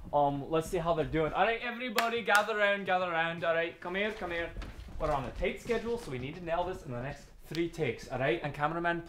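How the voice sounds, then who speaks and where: A man's voice: a little high, fairly bright tone, slight background noise. A man playing a pompous, bossy film director in a comedy sketch, theatrical and demanding.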